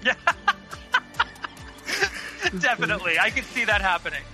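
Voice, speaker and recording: A man's voice: high voice, expressive, normal speed, music in the background. A man co-hosting a casual chat podcast, agreeable, with short replies and blunt jokes. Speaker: podcast co-host.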